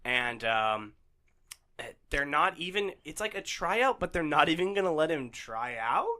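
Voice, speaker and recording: Brief: male co-host, slightly high, very lively and bright, wry plot recaps. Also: unhurried. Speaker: podcast co-host. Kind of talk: casual movie-review chat.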